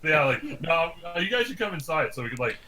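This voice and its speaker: A man playing in a tabletop game, chatting with hesitant, halting phrasing. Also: a little high, very animated, crowd noise. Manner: hesitant, full of likes and restarts. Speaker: player.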